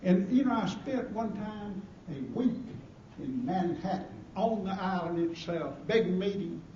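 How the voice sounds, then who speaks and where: Southern man, after-dinner speaker, folksy joking storyteller, high-pitched voice, far from the mic in a roomy hall. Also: lively intonation, measured pace, dark tone, a little hiss or hum. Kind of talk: humorous speech. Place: banquet hall at a gala dinner. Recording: roomy, distant, muffled hall recording with crowd.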